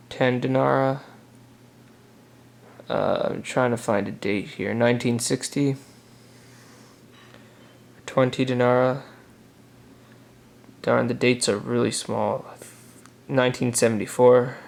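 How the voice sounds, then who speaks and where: A young man talking casually through his banknote collection for a vlog, relaxed and halting, pausing with "uh" as he reads dates off the notes. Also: medium pitch, vocal fry. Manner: relaxed, halting, many "uh" pauses while reading notes. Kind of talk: casual show-and-tell vlog.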